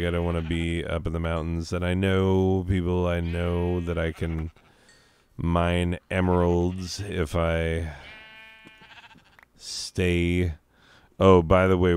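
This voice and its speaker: A high man rambling crudely and joking as he hosts his own gameplay commentary. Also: darkish tone, clear, resonant tone, no room sound. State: high on drugs. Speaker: let's play host. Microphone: own desk microphone.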